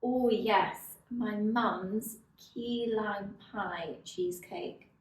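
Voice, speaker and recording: A woman, co-hosting a podcast in a playful, deadpan way, teasing her co-host. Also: medium pitch, extremely slow. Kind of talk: casual chat. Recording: echoey room.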